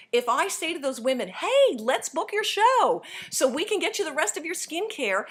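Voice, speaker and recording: A middle-aged woman giving a motivational coaching talk to her sales team, speaking in an energetic, emphatic and direct way. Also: a little high.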